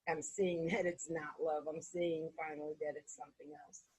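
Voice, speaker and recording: Very breathy woman hosting an interview. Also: low voice, little pitch movement, moderate pace, darkish tone, no room sound, low-quality recording. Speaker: interview host. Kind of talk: candid podcast conversation.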